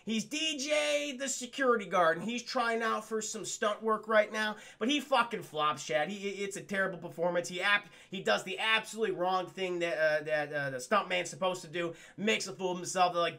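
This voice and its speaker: A man's voice: high voice, normal speed, gravelly, hardly any pauses, pushed and bright. A man streaming a casual spoiler film review, rambling, swearing and addressing his chat.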